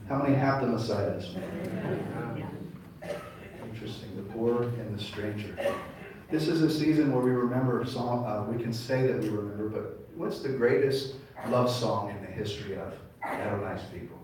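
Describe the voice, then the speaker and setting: A man's voice: on the low side, moderate pace. A man preaching to a congregation, tossing questions out to the room and leading them in responses. His voice comes from some distance off the mic and rings through a very echoey hall. A faint room hum stays underneath. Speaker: pastor. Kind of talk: sermon. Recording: echoey room mic'd from afar.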